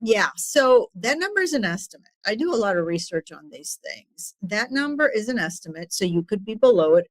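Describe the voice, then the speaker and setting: A woman's voice: mid-range voice, brisk, hardly any pauses, dry recording. Earnest woman coach, dry close sound. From immigrant to the United States. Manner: earnest, animated when retelling stories. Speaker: executive coach, guest. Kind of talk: podcast interview, storytelling.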